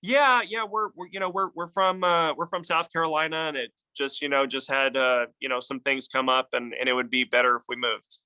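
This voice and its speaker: A man's voice: a little high, fairly even intonation, a little fast, few pauses, sharp tone, clean tone, dry recording. A man voicing a female homeowner who rambles and hedges while explaining why she has to move. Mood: hesitant. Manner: rambling, hedging, repeats herself.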